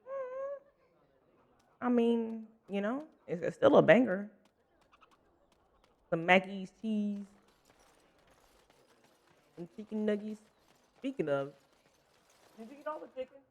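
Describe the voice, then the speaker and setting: A man's voice: high-pitched, huge pitch swings, takes it slowly, creaky, long pauses. A man livestreaming a game, chatting casually with viewers and laughing often. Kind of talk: casual gaming stream chat.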